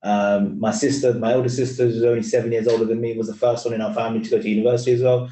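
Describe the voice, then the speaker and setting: An earnest young man talks through his career on a panel, stopping and restarting his sentences often. His voice is mellow and dark, and it sounds roomy and a little far from the mic. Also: medium pitch, little pitch movement, very fast, slight background noise. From East London, England. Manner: earnest, rambling with many restarts. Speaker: finance employee, panel speaker. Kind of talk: casual panel talk.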